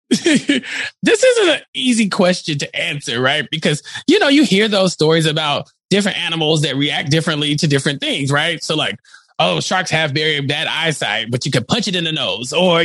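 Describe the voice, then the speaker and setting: Animated high-voiced Texan man. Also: no room sound. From Texas. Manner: animated storyteller, acts out quotes. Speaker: podcast co-host. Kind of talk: casual chat.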